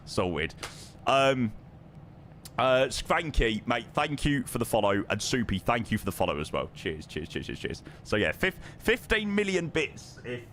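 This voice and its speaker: A man with a London accent chats casually on a live flight sim stream, reading viewer names and questions aloud as he thanks and answers them. His medium-pitched voice is sing-song, a bit bright and a little slow, with a little hiss or hum.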